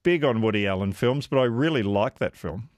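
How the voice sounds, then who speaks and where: A man's voice: on the low side, lively intonation, fairly quick, no room sound, studio quality. A man hosting a radio quiz, chatting casually with callers in a self-deprecating way and laughing often. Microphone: studio microphone.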